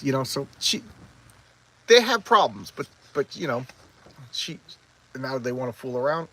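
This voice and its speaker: A man casually walking through a comic book issue, rambling and halting with lots of restarts, openly enthusiastic about the panels he loves. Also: mid-range voice, big pitch swings, sharp tone, poor audio. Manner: rambling, halting, stumbles over words. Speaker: comic book collector reviewing back issues. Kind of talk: casual comic review chat.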